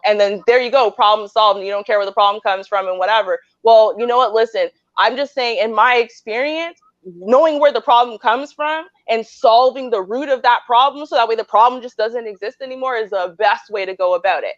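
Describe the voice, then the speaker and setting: A woman's voice: a little high, fairly quick, no room sound, lo-fi sound. A married woman host earnestly explaining her view on relationships, often checking in with "right?". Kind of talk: relationship advice debate.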